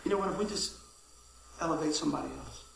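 A middle-aged pastor preaches in a bright, high voice. He tells stories, shifting from loud calls to quiet asides. His sermon rings through a very echoey church hall. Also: fast talker, gravelly, slight background noise. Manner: lively storytelling, swings from shouting to hushed asides.

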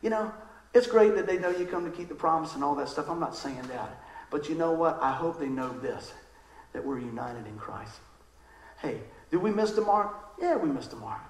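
Lively high-voiced preacher in an echoey church. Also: male voice, moderate pace. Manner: lively, conversational preaching with acted-out quotes. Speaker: pastor. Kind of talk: sermon. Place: church sanctuary.

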